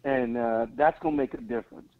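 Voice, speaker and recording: A man's voice: medium pitch, steady tone, fairly quick. A man calling in to a sports talk show, giving blunt, confident opinions in casual chat over a phone line. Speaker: caller.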